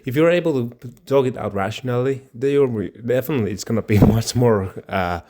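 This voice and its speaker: A man's voice: mid-range voice, a little fast, mellow. A man co-hosting a casual podcast chat, talking at length with frequent restarts and the odd laugh. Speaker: podcast co-host.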